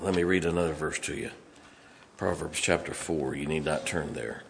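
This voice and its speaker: A man preaching a sermon in a church, emphatic, swinging from loud to hushed. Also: a bass voice, moderate pace, gravelly, a little hiss or hum.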